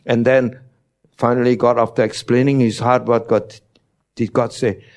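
A man's voice: medium pitch, little pitch movement, moderate pace, a little mellow. A man preaching a teaching sermon, emphatic, his voice jumping up on key words, with non-native English phrasing.

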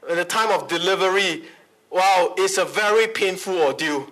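Animated high-voiced preacher. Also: male voice, normal speed, low-quality recording. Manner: animated preaching, big pitch swings, calls for amens. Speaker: pastor. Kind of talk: sermon.

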